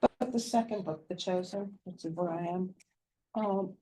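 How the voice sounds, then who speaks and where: Female guest, mellow tone, thoughtful questions in a talk segment. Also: on the low side, normal speed, rough recording. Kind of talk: casual discussion.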